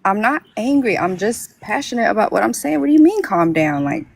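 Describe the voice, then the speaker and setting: A young woman chatting on a podcast at a middle pitch. She talks hesitantly, trailing off and restarting with lots of "um" and "like". It sounds like relaxed conversation with a friend. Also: brisk, gravelly, slightly rough. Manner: hesitant, many fillers and restarts. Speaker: podcast guest. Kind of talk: casual conversation.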